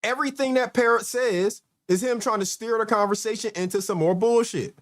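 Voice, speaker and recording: A man's voice: high-pitched, fairly quick. A man hosting a livestream, commenting on played clips in a sarcastic, exasperated way. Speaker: host.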